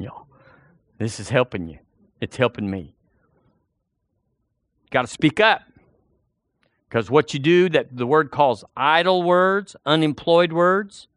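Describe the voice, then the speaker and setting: A man's voice: a little high, fairly bright tone, no room sound, studio quality. A man preaching a sermon in a folksy, conversational way, talking straight to the congregation and often repeating himself.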